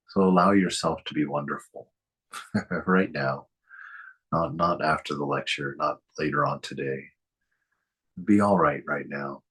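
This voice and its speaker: A man giving a reflective spiritual talk as a teacher, speaking gently, asking many rhetorical questions and chuckling often. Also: a bass voice, unhurried, pauses often, slightly rough.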